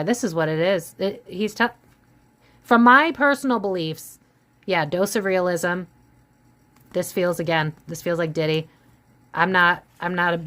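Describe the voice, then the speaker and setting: A woman doing a casual psychic tarot reading, musing aloud and voicing what she senses, with frequent restarts and trailing phrases. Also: fairly low pitch. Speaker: tarot reader.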